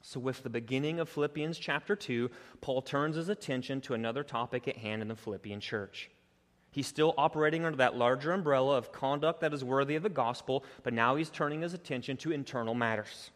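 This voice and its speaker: A man preaching a sermon as pastor. He speaks earnestly and builds emphasis, rising in pitch and force as he presses each point. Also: fairly quick. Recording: long reverb of a large hall.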